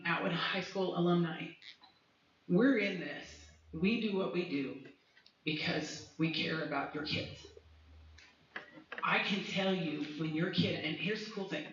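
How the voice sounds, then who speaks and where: A woman's voice: sits low, a bit bright, slight background noise. A woman music teacher speaking with feeling at a school community meeting, personal and rambling with restarts. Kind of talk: emotional public speech at a community meeting. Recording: echoey hall from far off, dull.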